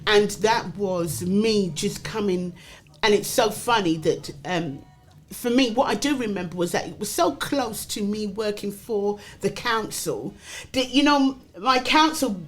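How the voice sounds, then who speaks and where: A middle-aged woman, chatting as a guest on a talk show. She tells stories with lots of energy and slips into quoted voices. Her voice sits at a middle pitch for a woman. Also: a little slow, faint music behind. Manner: animated storyteller who acts out quoted voices. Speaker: comedian guest. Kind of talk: casual chat.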